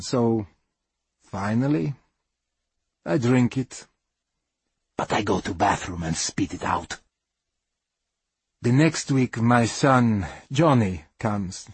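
A middle-aged man narrates a personal monologue in slow, deliberate English that drops its articles here and there. His voice is breathy and husky, recorded close and dry with no room around it. The delivery stays measured and wryly understated. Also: medium pitch, no room sound. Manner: plain non-native English, dropped articles. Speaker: storyteller. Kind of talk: dramatic first-person monologue.

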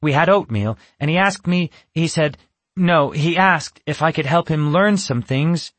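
A man's voice: a little slow, no room sound. A man voicing a nervous young girl in a storybook reading, speaking in a raised, flustered voice. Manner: breathless and flustered, higher and louder.

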